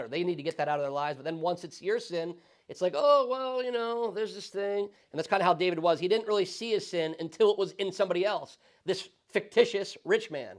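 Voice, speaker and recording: A male pastor teaching a Sunday school Bible study in a conversational, animated way, often checking in with the class. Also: fairly high pitch. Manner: conversational, animated, frequent tag questions.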